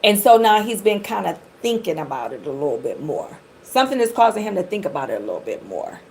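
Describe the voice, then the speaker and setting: Middle-aged woman from detroit doing a live tarot read, gravelly voice, kinda rambly, faint noise behind her. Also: on the low side, sing-song, fast talker, a little mellow, low-quality recording. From Detroit area. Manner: rambling, chatty, talks straight to viewers. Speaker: tarot reader. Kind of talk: live tarot reading and chat.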